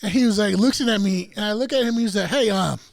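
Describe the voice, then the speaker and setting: A podcast co-host with a high-pitched, gravelly voice talks rapid-fire while telling a story. He's animated and profane, acting out the voices of the people involved.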